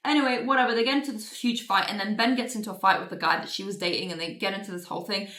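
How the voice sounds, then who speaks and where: A woman's voice: mid-range voice, fairly even intonation, fairly bright tone. A young adult woman casually reviewing a book, exasperated and sarcastic, swearing freely and racing through plot recaps with lots of "like". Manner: rapid plot recap with filler "like". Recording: roomy echo.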